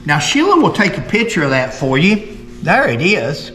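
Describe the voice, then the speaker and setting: A man hosting a casual history talk, folksy and opinionated, reading old newspaper accounts aloud and slowing down for emphasis. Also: fairly high pitch, big pitch swings, bright, forceful tone. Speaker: history show host. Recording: echoey room with long reverb.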